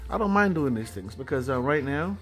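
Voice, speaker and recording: A man's voice: medium pitch, animated, brisk, a bit bright, faint music behind. An older man in a casual home vlog, talking in a rambling way with lots of "you know" fillers. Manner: rambling, with frequent fillers and tags. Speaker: vlogger.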